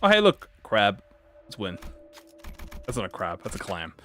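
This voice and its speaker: A man's voice: lowish voice, wildly swooping pitch, normal speed, sharp tone. A man with an Australian accent, chatting casually on a livestream, rambling and swearing while reacting to chat. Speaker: streamer.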